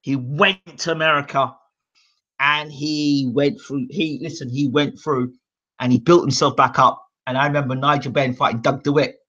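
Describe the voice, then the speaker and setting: A British man hosting a boxing channel, telling stories in a rambling, animated way with fillers and acted-out quotes. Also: mid-range voice, normal speed. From United Kingdom. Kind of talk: animated storytelling monologue. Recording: dull lo-fi sound.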